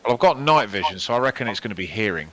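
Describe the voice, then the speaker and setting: A man playing a tabletop game, chatting casually and thinking out loud about his character. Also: lowish voice, expressive, rapid-fire, slight background noise, poor audio. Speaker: player.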